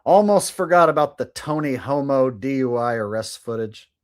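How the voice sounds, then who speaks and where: A man's voice: medium pitch, expressive, normal speed. A man hosting a live stream, chatting sarcastically with viewers and rambling between topics. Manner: sarcastic, rambling, talks to chat. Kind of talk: casual live-stream commentary.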